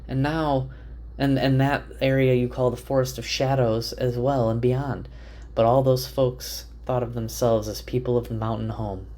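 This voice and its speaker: A man voicing a commanding woman sorceress who speaks gravely, like telling an old legend. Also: mid-range voice, a little mellow, natural voice. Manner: grave, storytelling cadence.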